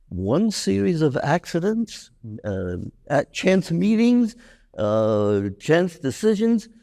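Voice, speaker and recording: Veteran man in his nineties, gravelly and warm, halting on-stage storyteller. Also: medium pitch. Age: 90s. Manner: halting, with frequent restarts. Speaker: veteran guest.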